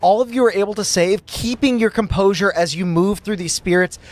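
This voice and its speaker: A young man narrating a tabletop game as dungeon master, slow and deliberate, with frequent fillers. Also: high-pitched.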